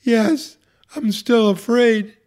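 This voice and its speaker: Brief: terrified sobbing woman patient, high strained pleading, put on by a male storyteller. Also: slow, darkish tone. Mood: sobbing, frightened. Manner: tearful, breathless pleading.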